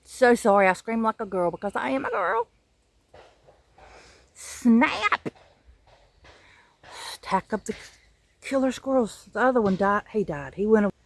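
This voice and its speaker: Lively chatty Southern woman outdoors. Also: a little high, measured pace, gravelly, pauses often. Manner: animated, joking, chatty, swings from muttering to loud exclamations. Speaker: vlogger giving a garden tour. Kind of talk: casual chatty vlog. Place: outdoor backyard garden with chickens.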